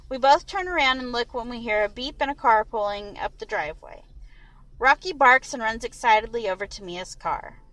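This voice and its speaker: Lively woman reading a novel aloud. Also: on the high side, normal speed, low-quality recording. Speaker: audiobook reader. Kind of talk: first-person novel narration.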